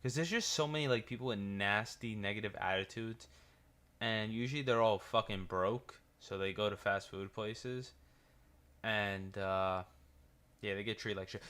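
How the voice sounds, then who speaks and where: Laughing as he goes and frequently starting over, a New York-accented man spins rambling, profane stories while hosting casual reaction commentary. He has a medium-pitched, bright, forceful voice.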